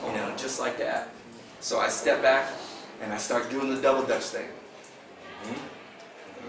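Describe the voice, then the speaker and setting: A man casually telling a fishing tournament story to a club meeting, animated and laughing as he acts out the dialogue. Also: medium pitch. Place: meeting room. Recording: echoey room from far off, background noise.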